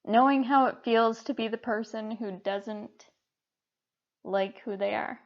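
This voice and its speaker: A woman co-hosting a podcast, talking casually in an earnest, halting way. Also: a little high. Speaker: podcast co-host. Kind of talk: casual conversation. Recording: muffled lo-fi recording.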